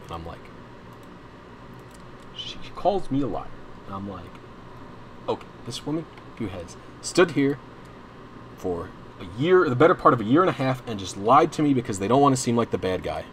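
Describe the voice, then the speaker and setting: A young man chatting over his gameplay stream, drifting through a story with restarts and blunt swearing. His voice sits in an ordinary middle pitch, and the talk is loose and unscripted. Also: very animated, normal speed, long pauses, slight background noise. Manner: rambling, restarts often, swears freely. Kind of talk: casual storytelling while gaming.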